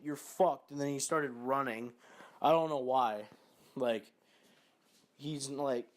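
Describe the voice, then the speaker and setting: Casting: young male vlogger, mid-pitch, rambling and profane, loose storytelling. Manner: profane, rambling, lots of fillers. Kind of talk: casual storytelling to camera.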